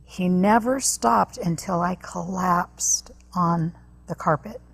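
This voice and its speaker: A woman guest on an interview show, telling a personal story earnestly, with halting restarts. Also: fairly low pitch, vocal fry, breathy edge. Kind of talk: personal testimony in a talk interview.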